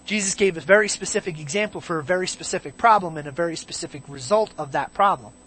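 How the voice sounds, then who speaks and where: A preacher giving a verse-by-verse Bible teaching, emphatic, slowing on key words and asking many rhetorical questions. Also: mid-range voice, a bit bright, husky.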